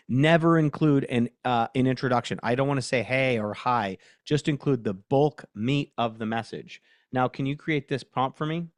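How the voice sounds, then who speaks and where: A man's voice: medium pitch, no echo. Chatty man hosting a dry-sounding live workshop. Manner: chatty, self-mocking, dictates prompts aloud. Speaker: host.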